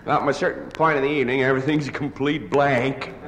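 A man's voice: mid-range voice, fairly even intonation, fast, a bit bright. A hungover man stammering through a one-sided comic phone call, sheepish and apologetic, full of hesitant restarts. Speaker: comedian. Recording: live recording in a large echoing hall with ambient noise.

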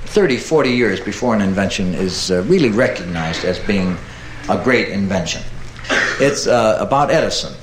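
A man telling a comic story in a relaxed, meandering way, with fillers. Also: lowish voice, moderate pace, echoey room, background noise. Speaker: comedian. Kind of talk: storytelling bit.

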